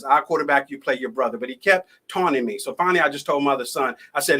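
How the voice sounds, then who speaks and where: A man speaking as a motivational speaker, telling a personal story live in a conversational, lively way over a video call. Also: mid-range voice, fast, hardly any pauses.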